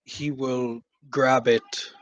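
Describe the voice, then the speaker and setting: A man playing in a tabletop game, describing his character's actions in a slow, hesitant way. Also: mid-range voice, flat delivery, a bit bright, no echo. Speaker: player. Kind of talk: casual tabletop play.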